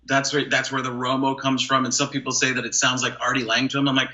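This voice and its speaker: A male comedian and impressionist chatting on a podcast, lively and quick to slip into impressions. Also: mid-range voice, highs cut off. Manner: animated, jumps into brief celebrity impressions. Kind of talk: casual podcast chat with quick impression demos.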